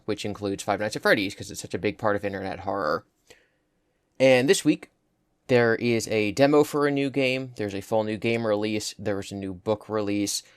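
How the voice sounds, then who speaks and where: A hoarse young man in his twenties, co-hosting a podcast and telling stories in a chatty way. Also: medium pitch, no echo, clean studio sound. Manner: chatty, tells anecdotes. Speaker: podcast co-host. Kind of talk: casual chat.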